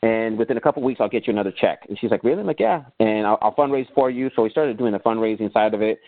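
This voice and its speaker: A quick-speaking man with a fairly low voice tells stories as a podcast guest, acting out past conversations as he goes. The sound is tinny and narrow like a phone line, and it is dry with no room echo. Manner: animated storyteller who acts out remembered conversations. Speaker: podcast guest, business owner. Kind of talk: casual interview storytelling.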